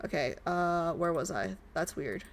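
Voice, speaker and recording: A woman's voice: sits low, animated, a little slow, over music. A young woman streamer reacting to a game, ranting animatedly and exasperated, on a desk mic at home.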